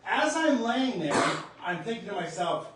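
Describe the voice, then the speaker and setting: A man's voice: high voice, sing-song, unhurried, fairly bright tone. A man in his sixties from North Dakota telling a personal spiritual story as a podcast host, earnest and emotional, gasping in awe at times. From North Dakota, USA. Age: 60s. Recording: echoey room, voice distant from the mic.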